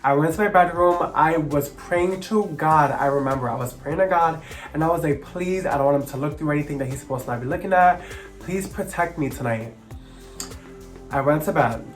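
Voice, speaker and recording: A young man of about twenty telling a personal story to camera, sassy, expressive and dramatic. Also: fairly high pitch, fairly quick, faint music behind. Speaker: vlogger.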